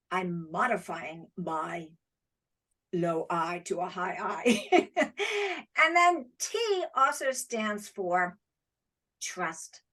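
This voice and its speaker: Effusive woman presenting an award. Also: fairly high pitch. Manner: warm, effusive praise with emphatic repetition. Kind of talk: heartfelt award speech over video call.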